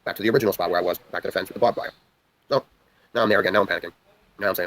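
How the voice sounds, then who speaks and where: A man's voice: low-pitched, fairly even intonation, racing, pauses often, fairly bright tone, rough recording. A young man from the New York area tells a long story on a livestream. He talks in a rambling, intense way and swears a lot. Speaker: livestream host.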